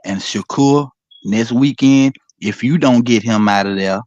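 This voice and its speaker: A man calling in to a boxing livestream, chatting in a relaxed, friendly way and giving his opinions. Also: medium pitch, measured pace, no room sound, lo-fi sound. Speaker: caller. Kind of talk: casual call-in chat.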